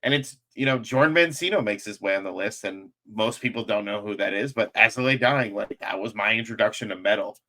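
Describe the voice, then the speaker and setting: A man hosting a podcast, chatting casually and telling lively stories in which he acts out what people said. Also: on the low side, brisk, few pauses. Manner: animated storyteller, acts out quotes. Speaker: podcast host.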